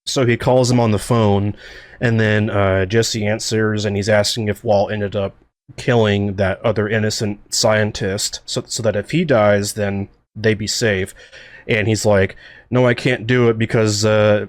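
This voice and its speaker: A man talking through his own series in a casual director commentary, excitable and rambling, with lots of fillers and restarts. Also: lowish voice, a little slow, dry recording. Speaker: series creator and co-host.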